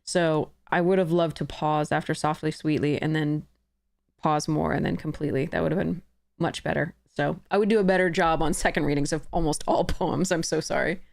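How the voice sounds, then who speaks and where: Low-voiced chatty woman streamer. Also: fairly even intonation, fairly quick, gravelly, darkish tone, no echo, studio quality. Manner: chatty, laughs often, self-correcting. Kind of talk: casual commentary while playing a card game.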